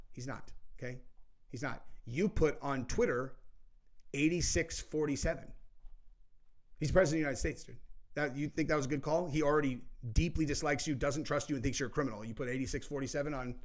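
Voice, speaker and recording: A man hosting a political commentary show, talking in a heated, rambling way with lots of swearing and "dude". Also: a little high. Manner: heated, profane, says "dude" often; rambling, with many fillers and restarts.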